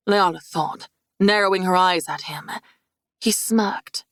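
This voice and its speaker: A woman reading a fantasy audiobook in a measured, even storytelling manner. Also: fairly low pitch, no room sound, clean studio sound. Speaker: audiobook narrator. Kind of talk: scripted fantasy narration.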